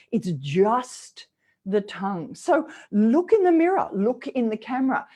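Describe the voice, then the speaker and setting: A middle-aged woman leading a vocal warm-up lesson, coaxing and demonstrative. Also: fairly high pitch, sing-song, moderate pace. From Australia. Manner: demonstrative, coaxing, with sung exercise syllables. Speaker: voice coach.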